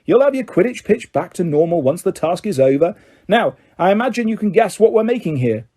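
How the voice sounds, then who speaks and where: A man doing a booming, jolly sports official. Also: sing-song, fairly quick, dark tone, heavily acted. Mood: jovial. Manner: jovial, booming. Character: cheery, hearty middle-aged male sports official.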